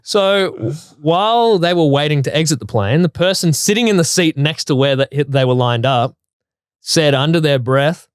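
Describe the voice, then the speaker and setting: A man with a fairly high voice recounts a listener's story in a casual chat show. He tells it animatedly, piling on detail. The sound is close and dry. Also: lively intonation, moderate pace, clean tone, no echo. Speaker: co-host.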